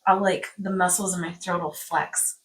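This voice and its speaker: A woman's voice: lowish voice, little pitch movement, normal speed, slight background noise. Playful young woman, set back from the mic. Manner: playful, teasing, laughs often. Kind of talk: casual chat. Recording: voice from a distance of the mic.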